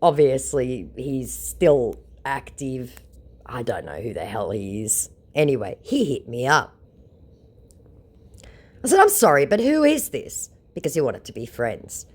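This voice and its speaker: A woman's voice: extremely low pitch, sing-song, a little slow, darkish tone, breathy edge. A woman vlogger telling the story of her chats with scammers in a sarcastic, mocking way. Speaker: vlogger recounting scam chats. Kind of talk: casual storytelling.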